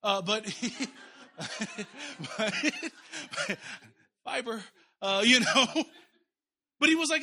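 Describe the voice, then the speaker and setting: A man's voice: extremely high pitch, drawn-out words, long pauses. A man in his thirties preaching a sermon, telling stories and voicing the people in them. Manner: animated preaching with voiced quotes and asides. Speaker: pastor.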